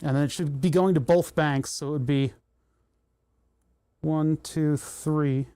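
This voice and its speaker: A man talks his way through a soldering job on a livestream, rambling and tossing off little jokes as he works. His voice sits a touch high for a man but sounds dark and mellow. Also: steady tone, slow, clear, resonant tone. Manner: rambling, joking asides, thinking aloud. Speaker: livestream host building electronics. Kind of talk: casual livestream chat while soldering.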